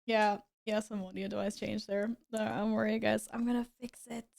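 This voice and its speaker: A woman streamer chatting casually with her viewers, chatty and quick to apologize and giggle. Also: medium pitch, level tone, creaky, a little mellow. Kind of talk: casual live-stream chat.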